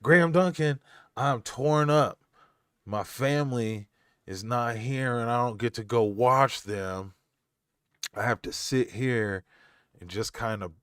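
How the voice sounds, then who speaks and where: A man's voice: lowish voice, a bit bright, clean tone, no room sound, clean studio sound. A young adult man hosting a live stream from home, reading chat aloud and talking in a loose, slangy way with frequent laughs.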